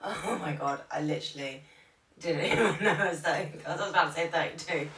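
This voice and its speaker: A woman's voice: deep voice, fast, a bit bright, a little hiss or hum. A young woman who teaches primary school, chatting on a podcast and telling stories in which she acts out what other people said. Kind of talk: casual podcast chat. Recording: echoey room, far from the mic.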